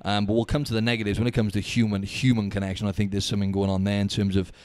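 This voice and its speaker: Male podcast host from the UK, low-ish, rapid, dry Skype sound, matey chat. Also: dry recording. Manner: chatty, animated storyteller, says "mate" a lot. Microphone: Skype call.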